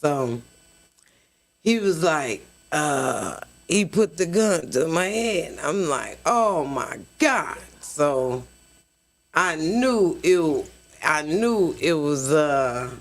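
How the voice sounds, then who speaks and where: A woman tells her own story on a podcast in a relaxed, conversational way. She is animated and slips into quoted voices as she recounts what was said. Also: low voice, very slow. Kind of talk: casual storytelling.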